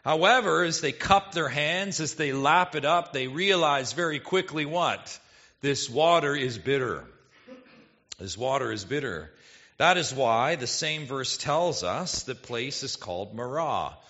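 A male pastor preaching an expository sermon, animated and full of rhetorical questions to the congregation. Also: a little high, unhurried, dull audio.

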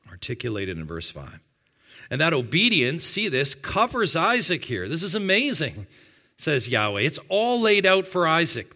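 A man delivering a sermon with a bright, ringing tone and a slightly raised pitch. He speaks straight to his congregation and slows down to stress key words, with a strong emphatic rise on the main points. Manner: emphatic preaching, slowing and rising on key words; addresses the congregation directly. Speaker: pastor.

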